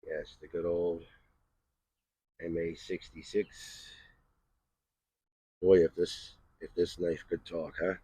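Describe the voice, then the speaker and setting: Low husky man chatting about knives. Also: little pitch movement, slow pace, long pauses, mellow, low-quality recording. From USA. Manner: chatty, rambling, tosses in "right?" and "all right". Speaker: knife channel host. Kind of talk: casual outdoor knife review vlog. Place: outdoors in the cold.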